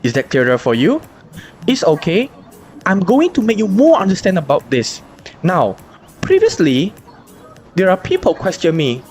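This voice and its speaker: A woman teacher, explaining grammar in an online lesson, spelling out letters slowly and asking rhetorical questions. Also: fairly low pitch, huge pitch swings, darkish tone, faint music behind. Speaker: English teacher.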